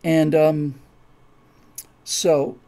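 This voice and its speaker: A man's voice: fairly high pitch, level tone, extremely slow, mellow. A man who writes his own story project, chatting casually and enthusiastically to viewers with many restarts.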